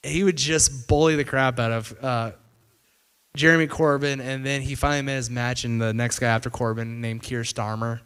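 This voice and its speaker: Speaking a little fast, the man has a clear, resonant, mid-range voice that's a bit bright. His casual explanatory commentary is conversational, full of fillers and loose restarts, and he relays events with "he's like" and quotes he paraphrases.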